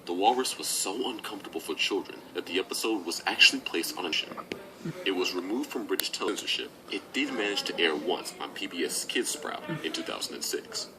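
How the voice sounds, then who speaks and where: Low-voiced man narrating a video script. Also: expressive, fast, very noisy.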